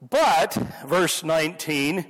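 A man's voice: a little high, lively intonation, takes it slowly, a bit bright. A man preaching a sermon, teaching through a Bible passage and stressing key words emphatically. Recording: long hall reverb.

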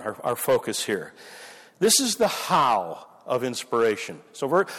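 A man preaching a sermon, teaching through a Bible passage and stressing key words emphatically. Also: on the high side. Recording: long hall reverb.

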